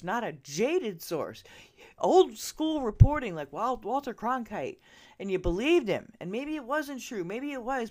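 A woman hosting a podcast, ranting straight at her listeners, swearing freely and swinging from loud outbursts to hushed asides. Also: mid-range voice. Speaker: podcast host. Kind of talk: ranting opinion monologue. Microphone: earbud listeners, close mic.

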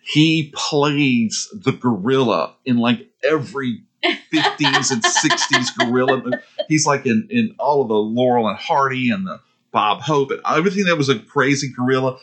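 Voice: mid-range voice, moderate pace. A podcast co-host chatting casually, joking and tossing in silly quoted voices. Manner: expressive, jokey, puts on silly quoted voices. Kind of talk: casual chat.

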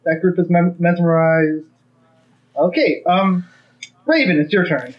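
A man's voice: fairly high pitch, measured pace, highs cut off. A man running a tabletop game as game master, making matter-of-fact rulings.

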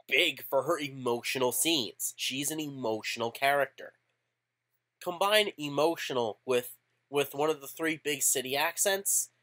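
A man co-hosts a casual podcast with animated, opinionated talk and offhand swearing. His mid-pitched voice swings widely up and down. He sounds blunt and sure of his views. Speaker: podcast co-host.

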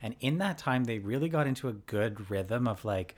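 A man's voice: medium pitch, lively intonation, normal speed. A man co-hosting a podcast in casual chat, explaining things with frequent fillers. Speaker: podcast co-host.

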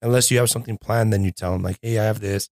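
A man's voice: fairly low pitch, steady tone, rapid-fire, a little mellow, no echo, clean studio sound. A man in his thirties who works as a DJ, talking easily on a podcast and laughing often. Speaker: DJ guest. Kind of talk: casual chat.

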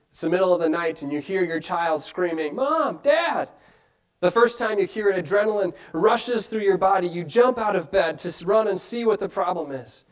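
High-voiced man preaching a sermon. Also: rough recording. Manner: earnest, asks many rhetorical questions.

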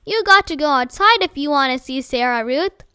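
An earnest little boy with a homespun way of talking, as a woman puts him on. His voice is high and bright. Storybook reading, dry and close. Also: animated, normal speed, no echo. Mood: eager.

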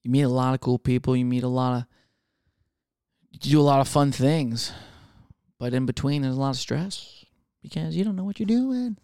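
Rambling, profane young comedian. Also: male voice, medium pitch, darkish tone, clean tone, no room sound, studio quality. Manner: rambling, profane, acts out quick voices. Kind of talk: casual comedic monologue.

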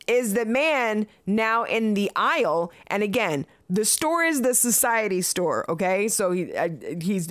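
A woman's voice: on the high side, fairly bright tone. A woman in her late thirties giving casual commentary as a vlogger, blunt and profane, often breaking into laughter between remarks. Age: late 30s.

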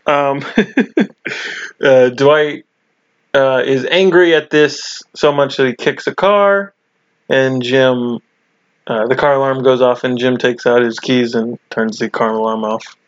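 A man in casual podcast chat who laughs often and talks in loose, restarting sentences. His voice sits at an ordinary pitch. The recording is dry and a bit dull. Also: takes it slowly, no room sound. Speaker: podcast co-host.

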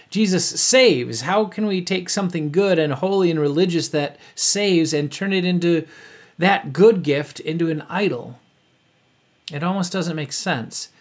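A man preaching an earnest sermon, reading from notes with a few offhand asides. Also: a little high. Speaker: pastor.

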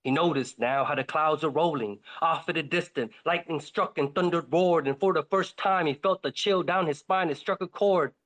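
A man's voice: a little high, moderate pace, hardly any pauses, a bit bright. A man narrating a rhymed fable in a dramatic spoken-word style. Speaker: host reading a poem.

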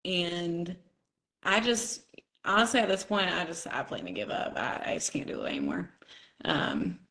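A woman's voice: on the low side, wildly swooping pitch, normal speed, sharp tone, exaggerated voice. Woman doing a gloomy dude voice. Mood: dejected. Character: young man, a struggling, discouraged single guy friend.

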